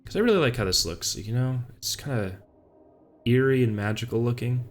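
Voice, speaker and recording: A man's voice: medium pitch, a little fast. A young man casually commenting on his old game projects, rambling, laughing and swearing at his own work. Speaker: indie game developer. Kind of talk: casual commentary over gameplay.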